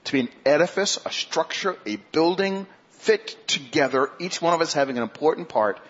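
A male pastor preaching a sermon in a husky, slightly breathy voice. He puts questions to the congregation and drags out key phrases for emphasis. The recording sounds dull and lo-fi. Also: medium pitch.

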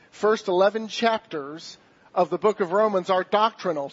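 A man preaching a sermon in a church, earnest, slowing down to stress key words. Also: high-pitched, slightly rough, highs cut off. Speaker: pastor.

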